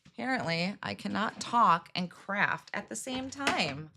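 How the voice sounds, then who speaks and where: A woman's voice: medium pitch, lively intonation, measured pace, gravelly, noisy background. Chatty lady crafting live, voice bounces all over, pokes fun at herself. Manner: chatty, self-deprecating, greets viewers by name. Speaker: craft livestream host. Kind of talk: casual live crafting demo.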